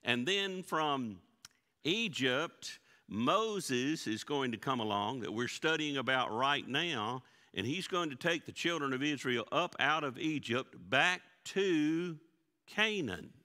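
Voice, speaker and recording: Man, pastor, slow folksy delivery, bright voice, long church reverb. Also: mid-range voice, animated. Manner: folksy, asks the congregation questions. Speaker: pastor teaching a Bible study. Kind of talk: interactive church Bible lesson. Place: church sanctuary.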